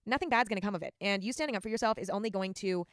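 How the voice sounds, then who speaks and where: A woman hosting a podcast, giving casual advice in a fast, emphatic and chatty way. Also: medium pitch, a little hiss or hum. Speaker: podcast host. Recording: loud music under the voice. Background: loud music.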